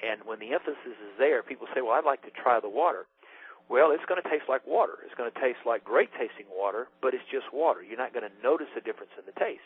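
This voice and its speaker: A man's voice: mid-range voice, lively intonation, fast talker, hardly any pauses, breathy edge, dry recording. A man from Alabama giving a rambling, folksy sales talk about his water business. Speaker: water ionizer distributor. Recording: tinny phone-line audio.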